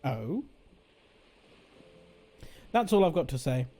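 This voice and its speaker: A man's voice: a little high, sing-song, slow, dark tone. Rambling male streamer thinking aloud. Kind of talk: casual game commentary.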